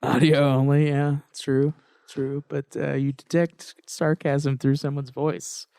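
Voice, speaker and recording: A man ranting through a casual game review podcast, swearing freely and sounding fed up. His voice sits at an ordinary pitch for a man and is recorded close and dry, with no room sound. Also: flat delivery, takes it slowly, creaky, mellow, smooth, no echo. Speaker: podcast co-host.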